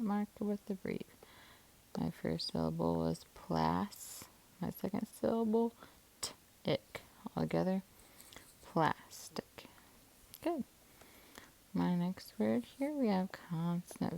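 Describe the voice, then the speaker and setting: A woman teaching a spelling lesson, slowly sounding out syllables and letter patterns, with many soft whispered sounds. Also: on the low side, vocal fry. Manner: slow, deliberate, sounding out words.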